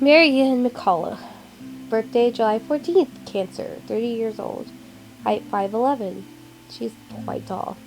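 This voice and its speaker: A woman's voice: fairly high pitch, measured pace, vocal fry, mellow, soft background music, poor audio. A woman playing a story game, reading its text aloud with casual asides. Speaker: gaming channel host. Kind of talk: narrated game let's play.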